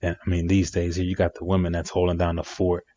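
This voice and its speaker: A man's voice: sits low, monotone, quick pace, dark tone, a little hiss or hum. A man giving relationship advice in a reflective monologue, emphatic and repeating phrases for effect. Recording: dry, dull lo-fi sound.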